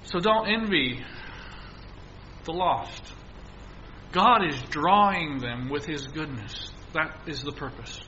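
A man's voice: fairly high pitch, expressive, unhurried, pushed and bright, dull audio. A male preacher giving an earnest sermon, exhorting his listeners and repeating key phrases.

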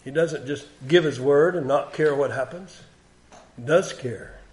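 Plainspoken male preacher, somewhat high voice. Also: a little slow, a little mellow, slight background noise. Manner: plain conversational preaching, repeats words for emphasis. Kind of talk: sermon.

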